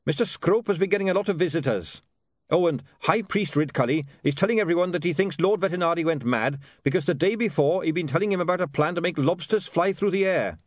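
Eager young captain, polite and keen, voice up high, man reading. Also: expressive, quick pace, dry recording, clean studio sound. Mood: dutiful. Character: earnest young male watch captain, polite.

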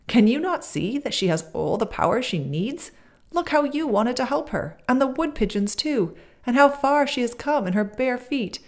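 A woman voicing a small, wise old woman of the north in a storybook reading, brisk and stern. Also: medium pitch, voice pushed up, close to an everyday voice.

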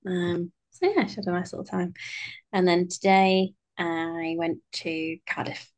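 A woman's voice: lowish voice, flat delivery, a little slow, a little mellow. A young British woman co-hosting a podcast, chatting casually and rambling with lots of fillers. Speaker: podcast co-host. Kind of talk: casual chat.

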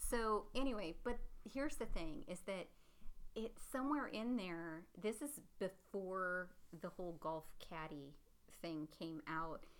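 A woman co-hosting a casual podcast chat, telling a dating story in an animated way. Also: fairly low pitch, unhurried. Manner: animated storytelling, turns away from the mic. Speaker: podcast co-host.

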